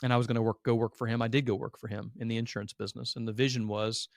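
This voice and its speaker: A man's voice: mid-range voice, flat delivery, racing, no room sound, clean studio sound. A man in his thirties, a podcast guest who owns an agency, telling his story candidly and earnestly, open about being a crier. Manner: earnest and emotional, a self-described crier.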